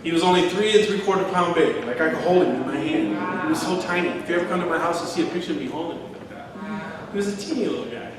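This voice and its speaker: Middle-aged pastor preaching in an echoey hall. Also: male voice, fairly high pitch, quick pace, far from the mic, a crowd in the background. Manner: storytelling, acting out quotes, chuckling. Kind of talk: sermon. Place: large church hall.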